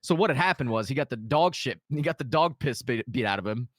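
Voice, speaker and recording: A man telling a story in casual podcast chat, animated and full of profanity. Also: mid-range voice, fast, no echo, studio quality.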